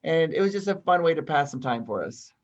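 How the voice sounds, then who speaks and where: A man from Utah, a guest on a podcast, telling stories in a lively, casual way and laughing often. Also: a little high, fairly quick, dull audio. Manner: animated storyteller, laughs often.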